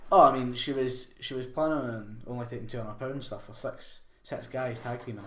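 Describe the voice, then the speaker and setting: A man's voice: medium pitch, a little fast, a bit bright. A young man co-hosting a podcast, telling a sweary, laughing story in casual chat. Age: young adult. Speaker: podcast co-host. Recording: roomy with faint noise.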